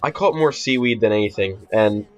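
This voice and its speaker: A man's voice: lowish voice, normal speed. Rambling, profane teenage guy, lo-fi. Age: teens. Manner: rambling, profane, many fillers and restarts. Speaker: vlogger. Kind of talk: casual storytime vlog. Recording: dull lo-fi audio with faint music.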